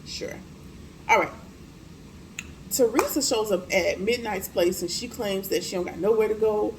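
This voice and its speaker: A woman's voice: mid-range voice, a little slow, noisy background. A woman giving a casual, slangy recap of a TV episode, blunt and chatty with frequent profanity and asides. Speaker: TV episode reviewer.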